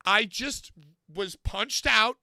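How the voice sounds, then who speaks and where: A man telling a story on a podcast, animated, swearing often and acting out moments. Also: sits high, slow, creaky, no echo. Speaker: podcast co-host. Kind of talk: casual comedic storytelling.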